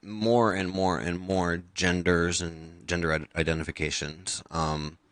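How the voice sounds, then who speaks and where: A man with a very low voice co-hosts a casual news podcast, recorded dry and close. He talks in a chatty, hesitant way, stacking fillers and restarting his sentences. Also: little pitch movement, unhurried, a bit bright, no echo. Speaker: podcast co-host. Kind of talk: casual chat about news.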